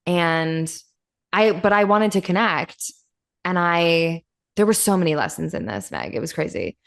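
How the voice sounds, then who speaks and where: A woman hosting a podcast, telling a story in a casual chat, lively, acting out the voices in it and swearing freely. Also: fairly low pitch, measured pace, creaky. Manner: animated, acts out quoted voices, swears freely. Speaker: podcast host.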